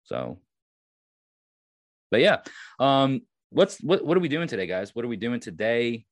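A man's voice: mid-range voice, very animated, unhurried, long pauses, no room sound, clean studio sound. A man from Long Island with a Long Island accent, hosting a casual solo podcast and rambling with many restarts and fillers. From Long Island, New York. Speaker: podcast host.

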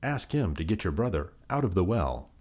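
A man's voice: sits low, big pitch swings, normal speed, a little mellow. A man voicing an anxious mother who calls out urgently over a noisy river. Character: worried mother washing clothes, urgent.

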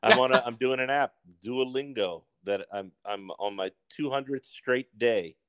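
An American man from Maryland talks as a podcast guest in an easygoing way, now and then losing his train of thought while hunting for a word. His voice is smooth and resonant at a middling pitch. The sound is dry and close. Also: moderate pace, fairly bright tone, no room sound. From Maryland, USA. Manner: easygoing, trails off searching for words. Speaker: guest actor. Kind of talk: casual podcast chat.

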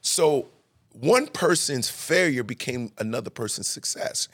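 A man hosting a podcast, telling stories in a casual, animated, slangy way. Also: medium pitch, a little slow, no echo. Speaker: podcast host. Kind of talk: casual storytelling chat.

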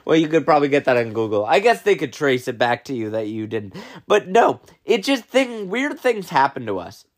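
A man's voice: medium pitch, sing-song, moderate pace, hardly any pauses. A young man co-hosting a podcast, teasing his friend and riffing jokes in casual chat. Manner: wry, teasing, riffs jokes with laughter. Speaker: podcast co-host.

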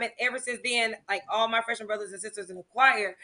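Woman guest, highish bright voice, laughing as she tells stories. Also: a little fast. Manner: animated storytelling with laughter. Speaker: guest, music teacher and songwriter. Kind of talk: casual interview chat.

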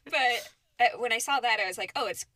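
A giggly woman chats on a podcast with a bright, slightly high voice. She gushes, laughs a lot and leans on fillers. The sound is close and dry. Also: brisk, no echo. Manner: giggly, gushing, filler-heavy. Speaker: podcast co-host. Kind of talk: casual chat about a reality show.

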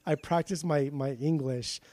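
A Southern Californian man with a matching accent chats casually as a podcast co-host, swearing freely and restarting his sentences. His voice is on the high side and mellow, with a measured pace and no room sound.

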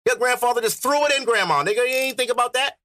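A man's voice: very high voice, quick pace, bright, forceful tone, no room sound, studio quality. A man hosting a podcast, arguing his point bluntly in casual, profane chat. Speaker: podcast host.

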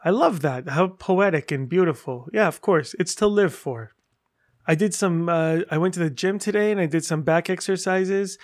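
A man hosting a solo podcast, chatting in an animated, rambling way and gushing as he tells stories. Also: high-pitched, moderate pace, hardly any pauses. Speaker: podcast host. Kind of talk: casual solo podcast update.

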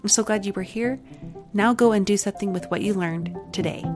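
A woman with a Utah accent hosting a podcast, briskly summarizing points in a numbered list. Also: mid-range voice, over loud music. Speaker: podcast host. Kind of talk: solo podcast recap.

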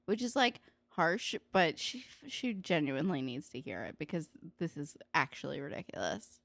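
Young woman, lowish voice that swings a lot, swears a bunch, dry mic. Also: lively intonation, normal speed, hardly any pauses, a bit bright, no room sound. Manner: blunt, swears freely, dry asides. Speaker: podcast co-host recapping a TV episode. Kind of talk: casual chat.

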